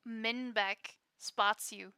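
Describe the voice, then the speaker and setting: A woman's voice: on the high side, fairly even intonation, drawn-out words, bright, forceful tone, clean tone, no echo, studio quality. A woman narrating a tabletop role-playing game as game master, swearing casually and laughing often.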